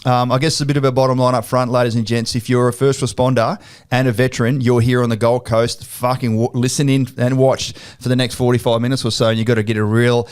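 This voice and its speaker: A man's voice: medium pitch, level tone, quick pace, a little mellow, clear, resonant tone. An Australian man hosts a podcast from a studio in a mid-range voice. His talk is loose and blokey, full of swearing and quoted back-and-forth as he tells stories. He sounds like he is chatting with mates. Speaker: podcast host. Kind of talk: casual interview chat.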